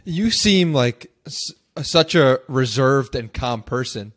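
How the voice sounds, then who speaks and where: Podcast host asking halting questions. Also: male voice, mid-range voice, expressive, a bit bright. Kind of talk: casual interview questions.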